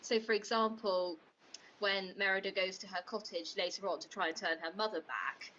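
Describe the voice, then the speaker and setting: A woman co-hosting a comedic podcast as the prosecutor, critiquing a film in an opinionated, sharp-tongued way. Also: mid-range voice, moderate pace, muffled recording, slight background noise.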